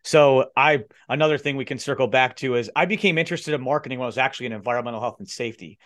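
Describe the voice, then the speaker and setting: A man's voice: medium pitch, fairly bright tone. A man hosting a podcast, chatting casually and telling his own work stories. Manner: quick and conversational, sharing his own stories. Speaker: podcast host. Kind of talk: casual conversation.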